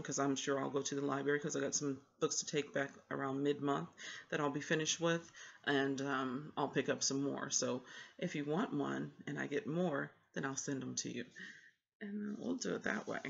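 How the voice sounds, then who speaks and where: Husky, gravelly-voiced book vlogger chatting. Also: medium pitch, fairly bright tone, lo-fi sound. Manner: chatty, rambling storyteller who acts out what people said. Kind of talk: casual book vlog chat.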